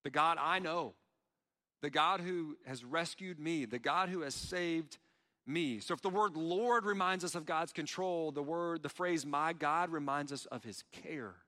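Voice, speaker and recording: A man preaching in a church sanctuary, his voice bright and forceful. His pitch sits a little high, and long reverb trails each phrase through the hall. He talks earnestly and voices pleading prayers. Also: measured pace. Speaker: pastor. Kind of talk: sermon.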